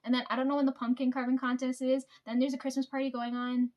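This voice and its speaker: A woman's voice: sits high, little pitch movement, quick pace, darkish tone. A young woman telling rambling, profane work stories to the camera and laughing often. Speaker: vlogger. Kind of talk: casual storytelling.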